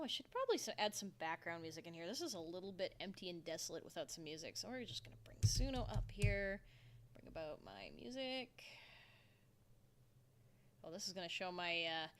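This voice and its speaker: A woman's voice: on the low side, lively intonation, normal speed, a little hiss or hum. A young woman streaming live at home into a desk microphone, chatting casually and rambling to herself as she works and answers chat. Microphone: desktop microphone.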